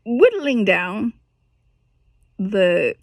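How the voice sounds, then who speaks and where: A woman's voice: medium pitch, very animated, extremely slow, no echo. A woman teaching a singing lesson, explaining technique with lots of restarts and breaking into short sung and spoken demonstrations.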